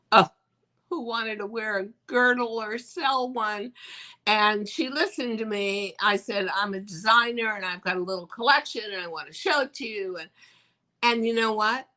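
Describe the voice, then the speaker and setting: An older woman with a bright, clear voice recounts her career as a guest on an interview show. She tells it with animation and briefly acts out the voices of the people in her story. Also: medium pitch, low-quality recording. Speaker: fashion designer guest.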